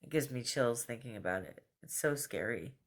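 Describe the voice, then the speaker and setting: A woman talking casually to camera in a video journal at home, earnest and thoughtful, with fillers and soft laughs. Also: a bass voice, animated, normal speed. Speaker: vlogger. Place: at home, just out of bed.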